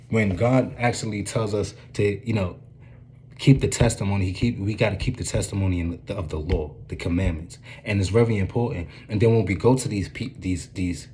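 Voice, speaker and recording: A man's voice: low voice, warm tone, a little hiss or hum. A man giving an informal, earnest preaching commentary, often checking in with "you dig what I'm saying".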